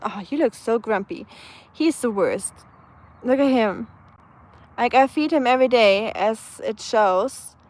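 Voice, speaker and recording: Chatty German-accented woman, slightly high. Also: expressive, a little slow, darkish tone. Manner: chatty, answers viewers' comments, frequent fillers and restarts. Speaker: live streamer. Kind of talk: casual live-stream chat. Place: outdoors on a sunny day.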